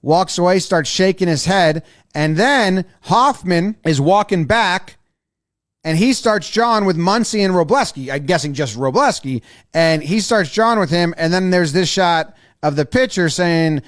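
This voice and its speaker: Excitable high-voiced man breaking down baseball. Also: moderate pace. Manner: excitable, profane, acts out players' lines. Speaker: sports video commentator. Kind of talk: casual game breakdown commentary.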